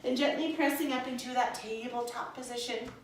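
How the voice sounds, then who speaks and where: A woman's voice: sits high, fairly even intonation, a little fast, a little hiss or hum. A young woman teaching a guided yoga class, speaking in a soothing, encouraging way and calling her listeners friends. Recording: echoey room from a distance.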